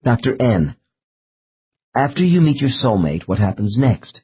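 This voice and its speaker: A man narrating an audiobook in a measured, slow reading of case transcripts. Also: medium pitch, big pitch swings, husky, highs cut off. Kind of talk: scripted narration.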